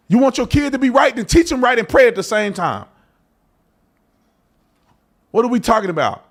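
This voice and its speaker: A man's voice: high voice, fairly bright tone. A man hosting an opinion podcast, talking in a preachy, colloquial way and often mocking others in put-on voices. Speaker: podcast host. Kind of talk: opinion commentary.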